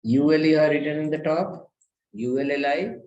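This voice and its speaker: A man teaching a live web design lesson, walking through each step slowly and quizzing his class. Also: fairly high pitch, fairly even intonation, darkish tone, roomy sound, lo-fi sound. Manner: slow, step-by-step explaining, asks the class questions.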